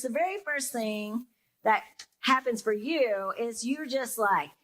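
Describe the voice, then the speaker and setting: Her voice a little high and a bit bright, a young woman pastor speaks at a measured pace with big swings in pitch. The sermon is relaxed and reflective, full of fillers and conversational asides, including acted-out reactions from listeners. The audio is low quality.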